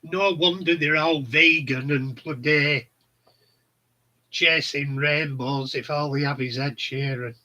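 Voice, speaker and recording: Rambling bluntly through funny stories he laughs at himself, a middle-aged man hosts his channel in casual chat. He speaks slowly with fairly even intonation, in a voice on the high side with a sharp tone, and the audio is poor.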